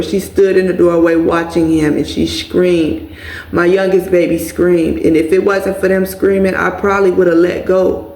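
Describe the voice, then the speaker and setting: Gravelly woman telling a story in an echoey room. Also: fairly low pitch, flat delivery, normal speed, a little mellow. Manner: casual, addresses viewers as y'all. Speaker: vlogger. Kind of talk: emotional personal storytelling.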